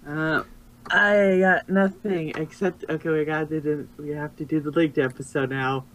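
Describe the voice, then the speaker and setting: Co-host, casual chat, offhand jokey delivery, mid-pitched voice. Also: fairly even intonation, normal speed, a bit bright, poor audio.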